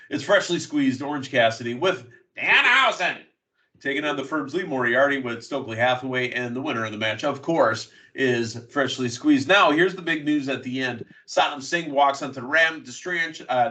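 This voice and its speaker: A man hosting a casual wrestling news podcast, recapping matches in quick play-by-play bursts. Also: medium pitch, bright, forceful tone, far from the mic. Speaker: podcast host.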